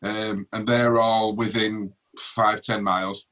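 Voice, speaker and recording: A man with a Yorkshire accent, chatting as a guest on a video call, rambling and hesitant with many pauses and digressions. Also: on the low side, flat delivery, fairly bright tone, rough recording. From Yorkshire, England. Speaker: magician guest.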